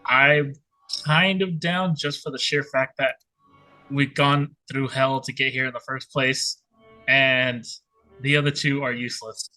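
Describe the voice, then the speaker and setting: A man's voice: medium pitch, fairly even intonation, a little slow, bright, forceful tone, faint music behind, rough recording. A man talking casually and bluntly as a player in a tabletop game.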